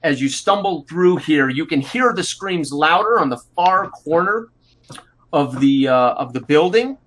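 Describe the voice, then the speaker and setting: A man narrates a tabletop role-play session as its game master. His voice sits a little higher than most men's, and he talks in halting bursts full of fillers and restarts. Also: animated, fairly bright tone.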